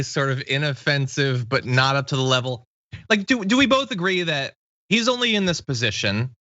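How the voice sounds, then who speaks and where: A man in his thirties talks through political news as a host, wry and mocking, with a bright, bouncing voice that runs a little high. The sound is dry and slightly dull. His delivery is casual commentary. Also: no echo. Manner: wry, animated, mocking impressions.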